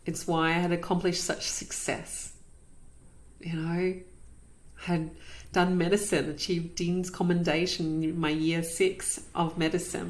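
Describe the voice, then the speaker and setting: This is a woman in her thirties hosting a podcast and sharing a personal story. Her voice sits slightly low, and she speaks earnestly and reflectively, often repeating words for emphasis.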